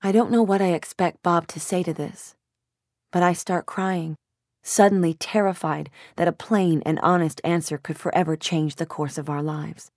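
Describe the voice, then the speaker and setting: A woman narrating a first-person audiobook in a measured, introspective way. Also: on the low side, steady tone, darkish tone, no echo, clean studio sound.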